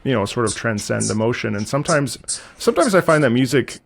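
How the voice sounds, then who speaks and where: A man's voice: medium pitch, expressive, fast, gravelly, slight background noise. A man hosting a casual interview, chatty and enthusiastic. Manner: chatty, enthusiastic, lots of restarts. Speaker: host.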